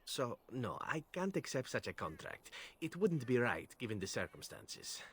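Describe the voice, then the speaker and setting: A man voicing a polite, wry male assassin in a video game, speaking in a smooth foreign accent. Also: mid-range voice, big pitch swings, moderate pace, a bit bright, full character voice. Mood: earnest. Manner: smooth, courteous, playful.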